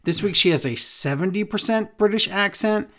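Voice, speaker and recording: A man's voice: high-pitched, normal speed, pushed and bright. A man co-hosting a podcast, recapping a show in casual chat, with sarcastic, exasperated asides. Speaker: podcast co-host.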